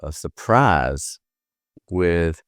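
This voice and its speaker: A man's voice: low voice, lively intonation, drawn-out words, fairly bright tone, no echo, clean studio sound. A man co-hosting a podcast, introducing his guest in a jokey, casual way. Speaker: podcast co-host.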